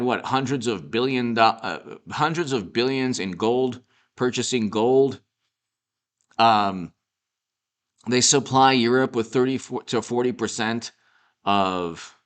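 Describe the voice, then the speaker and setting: A man's voice: medium pitch, a bit bright. A man giving off-the-cuff political commentary, mocking and sarcastic, rambling with restarts. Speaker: political commentator and show host.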